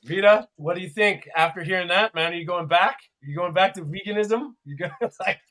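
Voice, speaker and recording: A man's voice: sits high, a little fast, sharp tone. A man hosting a podcast in a laid-back, chatty way, laughing often. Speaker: podcast host. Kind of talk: casual podcast chat.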